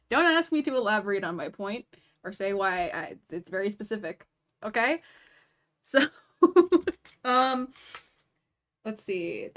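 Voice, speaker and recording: A young woman streaming, chatting casually and laughing a lot while fussing over her cat. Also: a little high. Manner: chatty, giggly, distracted, talking to her cat. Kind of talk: casual livestream chat.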